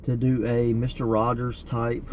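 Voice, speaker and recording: A man's voice: mid-range voice, monotone, unhurried, background noise. A man co-hosting a casual wrestling podcast, chatty and laughing often, with many fillers. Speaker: podcast co-host. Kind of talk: casual chat.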